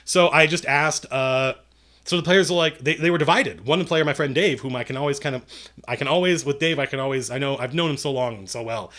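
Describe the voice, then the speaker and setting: A man's voice: medium pitch, fairly quick, a bit bright. A man who runs tabletop games, answering viewer questions in a casual livestream. He rambles, corrects himself and makes dry jokes. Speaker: game master and writer answering viewer questions.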